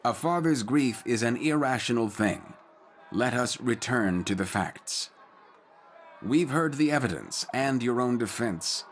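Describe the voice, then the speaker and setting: A measured, formal judge, voiced by a man, presides over a trial in a video game. He speaks steadily at a middle pitch. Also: lively intonation, a little hiss or hum, natural voice. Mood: stern. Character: stern measured male judge. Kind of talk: game voice acting.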